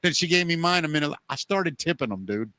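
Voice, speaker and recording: A man's voice: a little high, expressive, brisk, sharp tone, smooth, dry recording. A man hosting a podcast, telling a rambling everyday story in a casual chat, with plenty of "you know" fillers. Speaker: podcast host.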